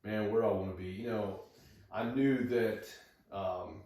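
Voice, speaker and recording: A man in his thirties tells his story in an easy, wandering way, with plenty of fillers and restarts. His voice sits low, and he is heard a little away from the mic. The room rings with heavy echo. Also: a little slow, darkish tone. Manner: rambling, many fillers and restarts. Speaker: podcast guest, veteran. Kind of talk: casual conversation. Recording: echoey room, far from the mic.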